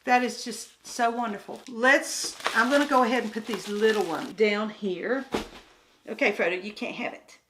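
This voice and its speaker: A woman's voice: fairly high pitch, normal speed, noisy background. A woman crafts vlogger chatting casually to her viewers while unboxing kits at home, talking straight to the camera and getting exasperated over problems. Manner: chatty, addresses viewers directly, grows exasperated.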